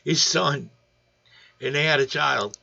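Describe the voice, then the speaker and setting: A man's voice: fairly high pitch, slow pace, gravelly, pushed and bright, highs cut off. A man hosting a casual fish livestream, rambling and joking while greeting viewers by name. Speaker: aquarium channel host. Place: home room.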